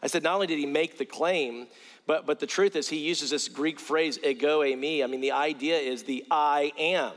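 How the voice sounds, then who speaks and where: A middle-aged male evangelist from South Carolina preaches a sermon full of stories, earnestly repeating words as he builds toward a point. His voice is a little high and a bit bright, moving at normal speed. The recording has a long hall reverb.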